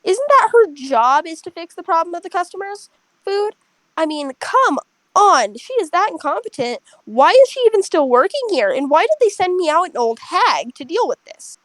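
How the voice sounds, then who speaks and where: A woman acting out a rude, furious woman customer who berates restaurant staff in a shrill, insulting voice. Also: unhurried, dry recording, low-quality recording. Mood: berating.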